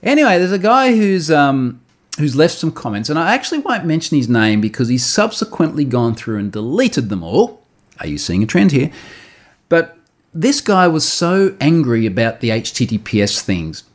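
Animated man telling a story. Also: medium pitch. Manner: animated, repeats words while recounting, quick to laugh. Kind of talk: casual storytelling chat.

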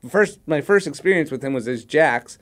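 A man co-hosting a podcast, talking in measured casual chat. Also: fairly high pitch, expressive. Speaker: podcast co-host.

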